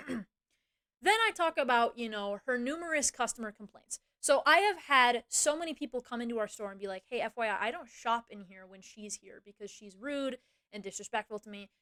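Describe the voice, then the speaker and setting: A woman's voice: a little high, fairly bright tone. A woman streamer venting in casual chat, ranting and swearing, with many fillers and restarts.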